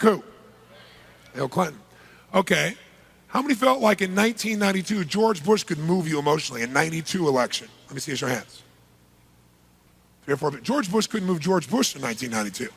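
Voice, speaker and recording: A man giving a live seminar talk to a large audience, energetic and punchy, polling the crowd with quick questions. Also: on the high side. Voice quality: gravelly, husky. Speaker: seminar speaker.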